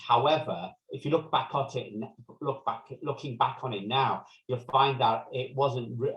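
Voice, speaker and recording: A man's voice: medium pitch, recorded from a distance. Chatty man in his fifties. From south Manchester, England. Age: 50s. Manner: animated, long-winded storytelling with restarts. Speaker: podcast co-host. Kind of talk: casual chat among friends. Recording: roomy, off-mic sound.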